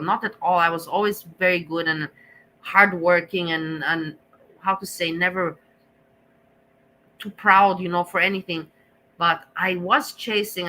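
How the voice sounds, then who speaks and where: Emotional swearing woman streamer, bright voice. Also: lowish voice, slight background noise, poor audio. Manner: emotional, swearing, rambling restarts. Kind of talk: emotional casual monologue to viewers.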